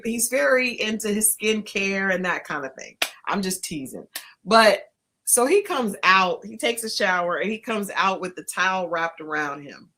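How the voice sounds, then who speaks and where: A woman with a bright, forceful voice co-hosts a relaxed podcast chat. She tells her stories with lots of energy, laughs often and acts out other people's lines. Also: medium pitch. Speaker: podcast co-host. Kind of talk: casual storytelling chat.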